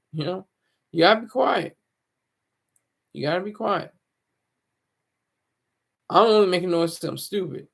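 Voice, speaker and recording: A man's voice: fairly high pitch, gravelly. A man talking to his viewers as a YouTuber in a casual, rambling monologue, mocking himself and restarting his sentences often.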